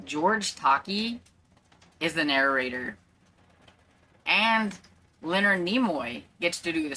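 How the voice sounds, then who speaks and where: A woman talks casually at home about what she has been reading, rambling through asides and fillers. Her voice sits low yet sounds bright and forward. A faint hum of home noise runs under her speech. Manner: rambling and chatty, with many fillers. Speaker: book vlogger. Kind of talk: casual chat.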